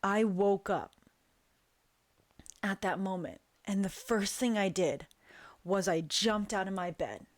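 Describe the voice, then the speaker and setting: A woman tells a frightening dream in a hushed, deliberate manner. Her pace is very slow, with long pauses. Her pitch sits in a plain middle range, and the sound is dry and close. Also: no echo. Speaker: guest storyteller. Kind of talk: dramatic personal storytelling.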